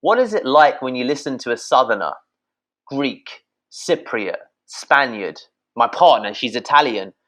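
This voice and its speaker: A British man, a podcast guest, giving blunt, energetic sales advice, swearing freely and addressing listeners as guys. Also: medium pitch.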